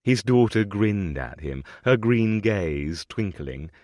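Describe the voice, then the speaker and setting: A man with a low voice reads an audiobook with lively, expressive swings of pitch. His delivery is scripted and close-miked. The sound is dry, with no room around it. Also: slow pace, no echo. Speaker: audiobook narrator.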